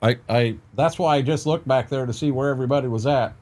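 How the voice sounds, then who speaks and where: An older man talks to his livestream viewers from a home gaming desk, his voice at an ordinary middle pitch. He rambles and restarts his words often. He greets chatters by name, close to the microphone. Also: fast, darkish tone. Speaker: game streamer. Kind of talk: casual livestream chat with viewers.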